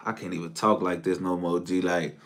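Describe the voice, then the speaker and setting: A man telling a casual story, slang-heavy and profane, jumping from shouted outbursts to low mumbled asides. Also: fairly even intonation, normal speed.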